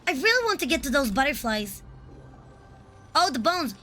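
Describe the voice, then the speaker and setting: Bright, excitable woman streamer. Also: high-pitched, moderate pace. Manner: excitable, profane, blurts reactions. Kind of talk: live game stream commentary.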